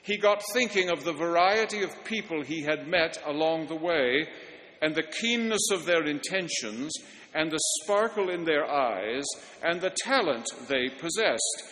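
Brief: male pastor, storytelling sermon, slightly high voice, long reverb. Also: lively intonation, unhurried. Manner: storytelling, warmly earnest, stumbles on repeats. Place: church.

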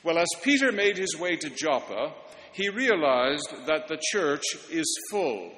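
A man's voice: fairly high pitch, very animated, measured pace, slight background noise. Man preaching in a reverberant church. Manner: storytelling, warmly earnest, stumbles on repeats. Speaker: pastor. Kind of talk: sermon.

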